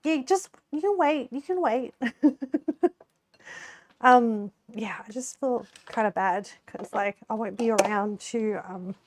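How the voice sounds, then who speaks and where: Young female streamer, chatty and giggly, unhurried, slightly high voice. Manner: chatty, giggly, laughs often, many fillers. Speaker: live streamer. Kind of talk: casual live-stream chat while cooking.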